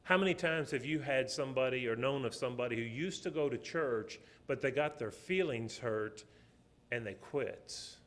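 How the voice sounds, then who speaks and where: A middle-aged man with a drawl delivers a sermon from the pulpit. He tells personal stories, rising to loud, emphatic stretches and then sinking to a quiet, soft voice. His voice sits at an ordinary middle pitch for a man. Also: normal speed. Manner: storytelling, swings from loud to soft. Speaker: preacher.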